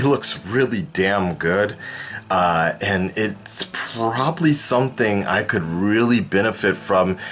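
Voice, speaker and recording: A YouTube reaction host chats casually on his own vlog, his mid-range, slightly bright voice projected toward a camera mic set some distance away. He rambles, full of fillers and restarts.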